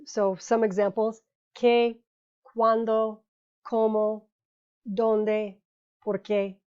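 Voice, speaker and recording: A woman teaching a grammar lesson, patiently explaining rules and saying each example word slowly before repeating it. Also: medium pitch, flat delivery, clean tone. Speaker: Spanish teacher. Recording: dull lo-fi recording.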